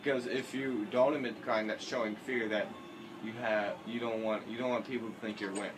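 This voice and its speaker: A teenage boy rambles casually over a building game in let's-play commentary, often correcting himself and cracking jokes. His voice is on the low side, with fairly even intonation and a brisk pace. It's a noisy home recording.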